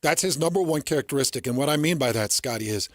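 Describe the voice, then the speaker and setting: A man's voice: mid-range voice, expressive, quick pace, no echo, studio quality. A middle-aged man hosting sports radio, telling stories in an earnest, emphatic way.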